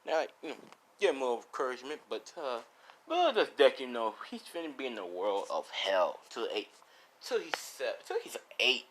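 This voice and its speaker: A man's voice: mid-range voice, bright, forceful tone. Rambling, profane young storyteller man. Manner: rambling, profane, laughs at own jokes. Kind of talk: improvised casual storytelling.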